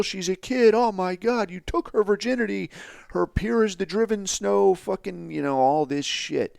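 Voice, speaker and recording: A man's voice: medium pitch, gravelly, smooth, no echo, studio quality. A man hosting a podcast, talking in a blunt, profane, rambling and sarcastic way. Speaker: podcast host. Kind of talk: casual podcast commentary.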